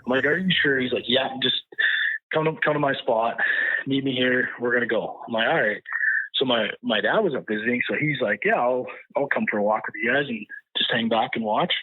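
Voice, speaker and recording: Male guest storyteller, husky voice, tinny phone-like sound, lively hunting-yarn delivery. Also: medium pitch, a little fast. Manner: animated, re-enacts dialogue and moose calls. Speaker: podcast guest, hunter. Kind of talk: casual storytelling.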